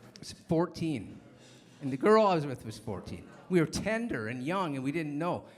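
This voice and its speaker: Man, late thirties, stand-up comedian, rambling storytelling, high pitch, very animated delivery. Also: moderate pace. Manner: rambling, self-interrupting storyteller.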